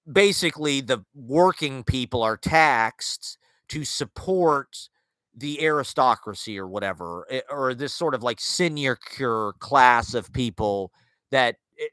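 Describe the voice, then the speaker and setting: A man's voice: medium pitch, animated, measured pace, fairly bright tone, no room sound. A man talking through ideas in a casual, rambling monologue, full of fillers, restarts and wry asides. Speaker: podcast host. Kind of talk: casual monologue on literature and culture.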